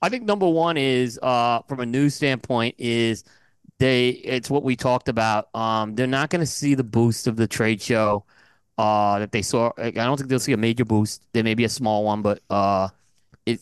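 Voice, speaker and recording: A man's voice: medium pitch, clean tone, no echo. A man guest on a podcast, giving analytical commentary in casual chat, with many fillers and restarts. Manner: analytical, talks in numbered points with many fillers.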